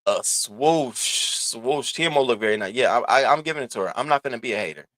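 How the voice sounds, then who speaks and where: A man's voice: medium pitch, expressive, a little fast, fairly bright tone, no echo. Sassy, profane live-stream host man. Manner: sassy and profane, greets chat by name. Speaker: livestream host. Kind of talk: casual live-stream commentary.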